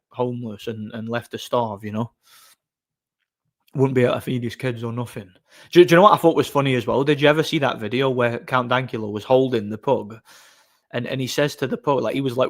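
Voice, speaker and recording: A man hosting a casual livestream, rambling through stories with chuckles and frequent restarts. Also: mid-range voice. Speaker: livestream host.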